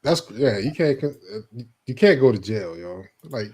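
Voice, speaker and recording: A man co-hosting a casual chat show, telling stories in a relaxed, slang-heavy way. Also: mid-range voice, normal speed. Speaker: co-host.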